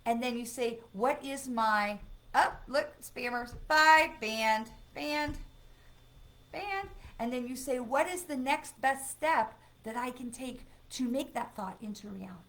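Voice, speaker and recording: A woman's voice: a little high, normal speed. A woman reading cards on a live stream in a chatty, encouraging way, breaking off now and then to ban spammers. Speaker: psychic medium doing live card readings.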